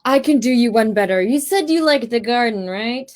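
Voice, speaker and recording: A woman's voice: a little high, animated, moderate pace, a little mellow, close to an everyday voice. A woman playing a small, mischievous garden creature in a comedy sketch. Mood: playful. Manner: chatty, mischievous.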